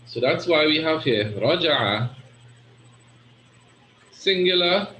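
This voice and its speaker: A man's voice: a little high, lively intonation, takes it slowly, pushed and bright. A man teaching an Arabic grammar class, explaining step by step and often checking in with "right?". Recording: echoey room with faint noise.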